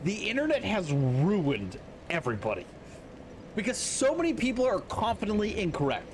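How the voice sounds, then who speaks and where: A man's voice: sits high, huge pitch swings, moderate pace, a little hiss or hum. A man in his thirties streaming a game and chatting with viewers in a blunt, opinionated way, swearing freely. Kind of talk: casual chat to stream viewers while gaming.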